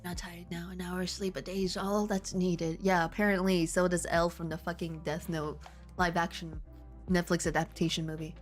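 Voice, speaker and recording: A woman's voice: lowish voice, little pitch movement, moderate pace, faint music behind. A woman reading fanfiction aloud with sarcastic, laughing commentary.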